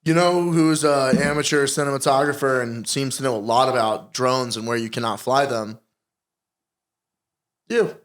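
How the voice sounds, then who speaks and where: A man's voice: mid-range voice, steady tone, normal speed, fairly bright tone. A man co-hosting a podcast, joking and bantering in casual chat. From Connecticut, USA. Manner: joking, laid-back banter. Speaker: podcast co-host.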